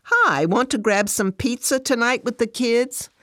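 A woman voicing a calm, patient friend who speaks cautiously. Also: on the high side, unhurried, no echo, studio quality, pitched above the performer's own voice. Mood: cheerful.

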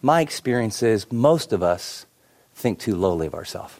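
A middle-aged man preaching a sermon, telling stories with many asides and shifting between lively and hushed delivery. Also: fairly low pitch, normal speed. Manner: animated storytelling with many asides. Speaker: pastor.

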